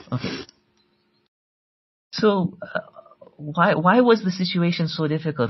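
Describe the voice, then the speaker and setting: Fairly high-voiced man lecturing, lo-fi. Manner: earnest storytelling, recites Arabic passages then translates; repeats words as he restarts phrases. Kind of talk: religious history lecture.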